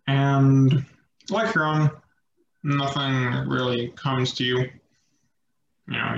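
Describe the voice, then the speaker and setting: A man narrating a tabletop game as game master, relaxed and rambling with fillers. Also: mid-range voice, slight background noise. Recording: echoey slightly dull room sound.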